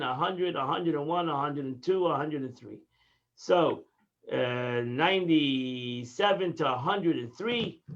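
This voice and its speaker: High-voiced man giving a Torah lesson. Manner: emphatic teaching with swings in pitch and loudness. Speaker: rabbi teaching Tanya. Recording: dull lo-fi audio.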